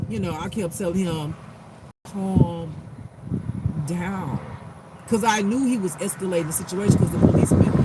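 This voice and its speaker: A man with a strikingly high voice tells a story in a casual, blunt, animated way, swearing freely and acting out what people said. He talks as a spiritual life coach. Clear street and car noise runs behind him. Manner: acts out quotes in a raised voice. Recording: clear outdoor traffic noise. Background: passing cars and street noise.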